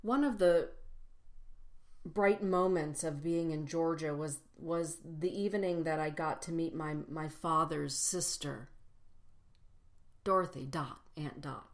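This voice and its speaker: A woman with a low, deep voice gives a personal spiritual talk to a gathered congregation. She speaks reflectively, stacking phrases into lists and slowing down to land each one.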